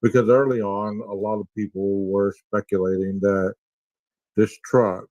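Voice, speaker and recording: A man's voice: lowish voice, little pitch movement, a little slow, darkish tone, dry recording, poor audio. A man co-hosting a podcast, musing aloud and asking rhetorical questions in a casual way. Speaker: podcast co-host. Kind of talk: casual commentary.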